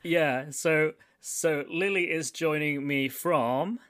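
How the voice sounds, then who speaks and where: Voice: medium pitch, slow pace, a bit bright. A British podcast host in a casual chat who is self-mocking and laughs often, speaking with guests on a remote call.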